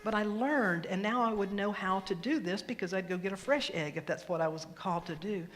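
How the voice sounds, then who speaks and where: A woman minister giving a storytelling sermon in a church, animated and acting out the voices in her stories. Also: medium pitch, brisk. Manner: animated, acts out quoted voices with laughter. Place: church sanctuary. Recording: reverberant hall with faint room noise.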